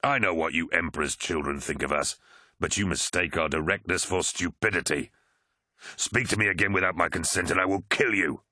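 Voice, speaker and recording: A man's voice: low-pitched, dry recording, clean studio sound, full character voice. A man snarling as a brutal, bloodthirsty warrior lord. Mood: threatening. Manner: snarling, slow and forceful. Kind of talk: audiobook character voice.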